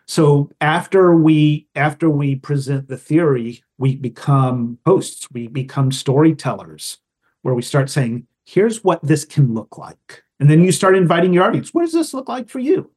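A man with a fairly high voice, speaking as a guest on a podcast. He talks in a casual, thoughtful way and builds his points through examples and stories from friends. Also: a little slow, a little mellow, husky. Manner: thoughtful, explains with examples and anecdotes. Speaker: guest storyteller.

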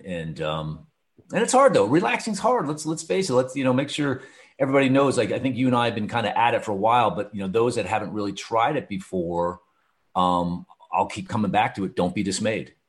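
A man hosts a relaxed podcast conversation, upbeat and encouraging. His voice sits a little low, and his talk is loose and full of fillers. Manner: enthusiastic, encouraging, lots of fillers.

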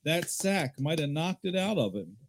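A man's voice: a little high, sing-song, moderate pace, slight background noise. A young man giving teasing, announcer-style play-by-play while friends play a football video game. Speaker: mock play-by-play commentator. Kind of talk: playful sports-style commentary among friends.

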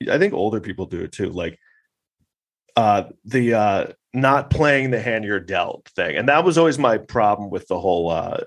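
A man delivering a rambling, sarcastic, profane monologue as a podcast host. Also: lowish voice. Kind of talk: casual ranting monologue.

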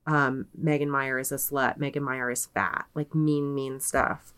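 A woman's voice: a bass voice, level tone, a little slow, a bit bright, clean tone. A young adult woman co-hosting a podcast, casually retelling a story, peppering it with "like" and quoting people in her own voice. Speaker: podcast co-host.

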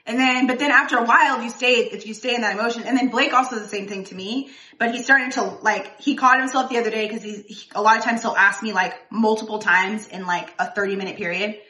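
A woman's voice: on the high side, fairly even intonation, fast talker, bright, forceful tone, distant mic. A woman in casual conversation, talking about emotions, laughing often and restarting her sentences. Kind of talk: casual chat. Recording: echoey room.

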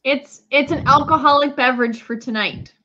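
A woman's voice: sits high, normal speed, sharp tone, muffled recording. A woman chatting playfully from her living room on a live video stream. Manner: playful, teasing. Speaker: regular guest. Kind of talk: casual live-stream chat.

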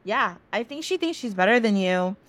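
A smug male trickster god, as a woman puts him on, bragging and plotting mischief. His speech swings widely in pitch, and the sound stays dry and close. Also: animated, normal speed, a bit bright, dry recording, close to an everyday voice. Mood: scheming. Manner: boastful, mischievous.

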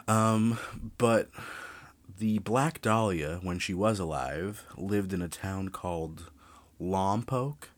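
Young guy with a deep voice doing his podcast, swears a ton, rants loose and animated. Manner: profane, ranting, animated. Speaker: true crime podcast host. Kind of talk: casual podcast monologue.

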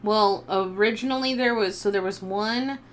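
A woman's voice: mid-range voice, moderate pace, a little hiss or hum. A woman co-hosting a podcast, filling in plot details in a matter-of-fact way. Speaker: podcast co-host. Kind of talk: casual movie review chat.

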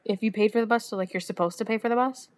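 A woman's voice: a little high, steady tone, rapid-fire. Blunt, swearing young woman host. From Texas. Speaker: podcast host. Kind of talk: casual chat.

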